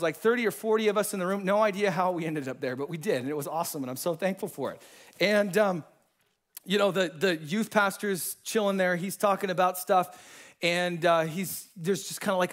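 A man preaching a sermon and telling personal testimonies in a casual, slangy, animated way. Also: sits high, a little fast. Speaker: pastor.

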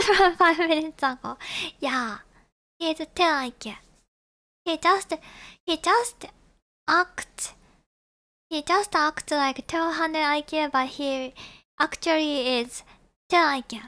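A woman's voice: high-pitched, slow pace, long pauses, sharp tone. A woman streaming a game, chatting casually with viewers and joking playfully about the story. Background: background music.

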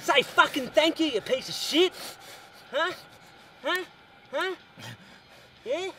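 An actor with an Australian accent playing an aggressive young male bogan who shouts taunts and swears through a street fight. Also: very high-pitched, animated, slow pace, slight background noise, exaggerated voice. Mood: taunting.

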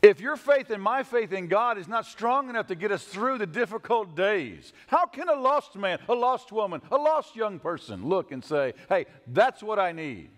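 Male pastor, sermon, lively swooping delivery, fairly high voice, long church reverb. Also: moderate pace, hardly any pauses. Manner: dramatic, voices quoted figures with pitch swings. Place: church sanctuary.

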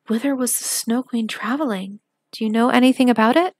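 A woman voicing a frightened, gentle little girl in a storybook reading, with an anxious, pleading way of speaking. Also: on the high side, a little fast, no echo, clean studio sound, lightly acted.

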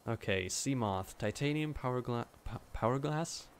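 A streamer reacting live to a game, swearing constantly, whose voice jumps to squeaky highs when startled. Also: animated, moderate pace, noisy background.

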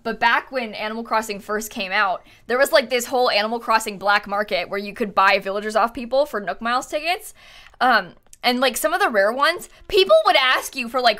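Giggly woman livestreamer, bright and fairly high, chats casually while gaming. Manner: giggly, chatty, thanks viewers often. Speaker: streamer. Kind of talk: casual live-stream chat while gaming.

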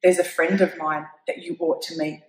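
A woman voicing a small, clever male mouse who talks in a sly, measured way. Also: fairly low pitch, level tone, echoey room, distant mic, a little hiss or hum, close to an everyday voice, poor audio.

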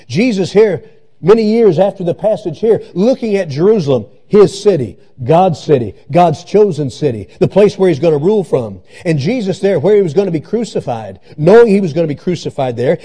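A man delivers a church sermon in a fairly high register. His tone is mellow rather than bright, and he preaches with emphatic repetition, circling back to the same phrases to press them home. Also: slightly rough. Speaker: pastor. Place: church sanctuary.

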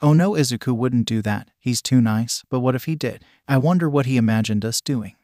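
A man with a mid-range voice plays a shy, flustered teenage girl, speaking fairly quickly in a slightly mellow tone that stays close to his everyday voice. The recording is clean studio sound with no room echo.

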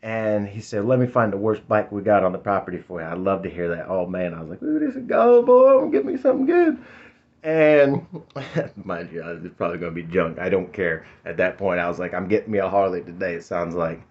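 A man's voice: sits low, flat delivery, fast, hardly any pauses. Laid-back rambling man in his fifties. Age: 50s. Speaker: vlogger. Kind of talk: casual storytelling. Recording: dull lo-fi sound.

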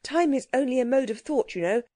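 A woman's voice: high-pitched, animated, brisk, warm tone, no echo, studio quality, voice pushed up. A woman voicing a boy who speaks curtly and grumpily. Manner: curt, grumpy. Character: boy Cyril, curt and sulky.

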